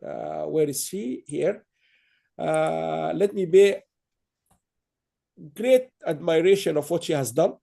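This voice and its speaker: High, mellow-voiced male ceremony host. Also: lively intonation, vocal fry. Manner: halting, repeats words, many fillers. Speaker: awards host. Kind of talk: online awards ceremony speech.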